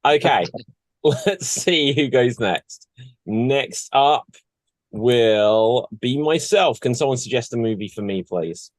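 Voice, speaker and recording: A man's voice: mid-range voice, animated, slow pace, dry recording. A man hosting an online improv game with dry, teasing remarks, over a video call. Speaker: improv host.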